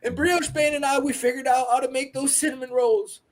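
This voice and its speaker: A man's voice: extremely high pitch, fairly even intonation, fairly quick. A man voicing a rambling, anxious middle-aged baker and ex-crook who dotes on his pet dragon, in a rustic drawl for a tabletop game. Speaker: game master. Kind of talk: tabletop role-play character voice.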